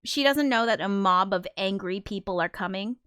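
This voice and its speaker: A woman's voice: medium pitch, moderate pace, a bit bright, smooth, no room sound, clean studio sound. A woman hosting a casual livestream, chatting in a rambling, giggly way with many fillers. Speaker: livestream host, musician.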